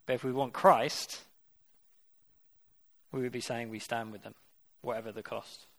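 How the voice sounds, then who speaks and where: A man's voice: medium pitch, steady tone, unhurried, fairly bright tone. Man preaching a conversational sermon. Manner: earnest, conversational preaching with rhetorical questions.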